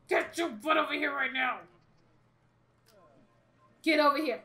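A woman's voice: high-pitched, fairly even intonation, a little slow, pauses often, sharp tone. A woman doing let's-play commentary, who swears and laughs as she talks to the game. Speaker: gaming YouTuber.

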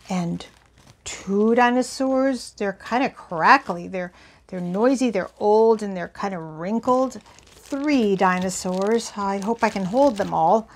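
A woman hosting a children's bedtime song show, talking gently and playfully to young kids, with guitar behind her. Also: mid-range voice. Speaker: children's singer and show host. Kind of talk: bedtime songs and chat for children.

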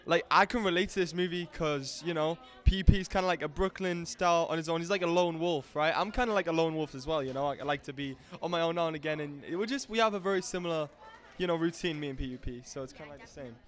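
A man, a voice actor, talking in a loud, energetic, hyper way as an interview guest. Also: a little high, quick pace. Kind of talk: casual interview chat.

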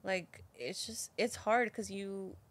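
A woman's voice: medium pitch, animated, slow pace. A young woman co-hosting a podcast, talking earnestly in casual chat and giving advice from her own experience. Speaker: podcast host.

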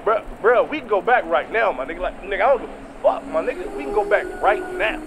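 A young man playing a frustrated street hustler in a music video skit, agitated and shouting, recorded outdoors with traffic noise behind. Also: sits high, big pitch swings, quick pace. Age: young adult.

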